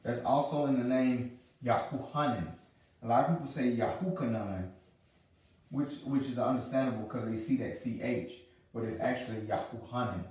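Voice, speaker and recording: A man's voice: mid-range voice, fairly even intonation, darkish tone. Male teacher, patient and repetitive, recorded far from the mic in a very echoey room. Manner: repeats pronunciations slowly and patiently. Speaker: religious language teacher. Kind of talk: teaching a lesson. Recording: roomy sound from a distant mic.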